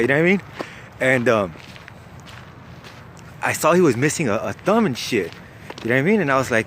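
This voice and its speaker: A man's voice: mid-range voice, fast, a little hiss or hum. A young man, casually telling a wild story, slangy and profane. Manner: profane, slangy, lively, laughs at his own story.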